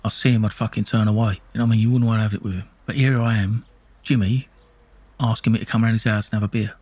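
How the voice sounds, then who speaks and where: Middle-aged Essex man, low husky voice, blunt sweary storyteller. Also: fairly even intonation, fast, darkish tone, no echo. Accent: Essex English. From England. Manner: blunt, sweary, with many restarts and "you know what I mean". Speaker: storyteller recounting his life. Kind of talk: casual spoken storytelling.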